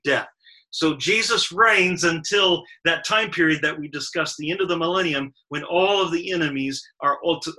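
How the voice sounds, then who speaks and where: This man's fairly high, bright voice has a forceful edge as he teaches a Sabbath Bible study. Moving carefully verse by verse, he hits each verb in a list with emphasis, and the audio is rough.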